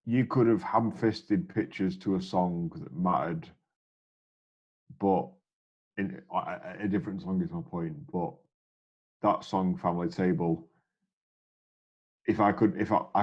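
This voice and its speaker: A man's voice: deep voice, a little mellow, breathy edge, lo-fi sound. A man chatting casually as a podcast co-host, sweary and enthusiastic, often stammering and restarting. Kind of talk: casual chat.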